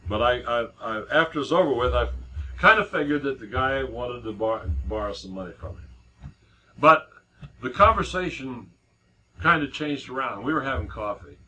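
A man's voice: mid-range voice, animated, moderate pace, sharp tone, slightly rough, low-quality recording. A middle-aged man preaching a sermon in a conversational way, with many restarts and repeated words as he tells a story.

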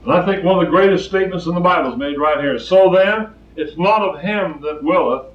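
A man's voice: high voice, fairly quick. An older male preacher delivers a sermon in a plainspoken, storytelling way, driving points home by repeating them. He sounds far from the mic in a roomy space, and the recording is dull and lo-fi. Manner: plainspoken, storytelling, emphatic repetition.

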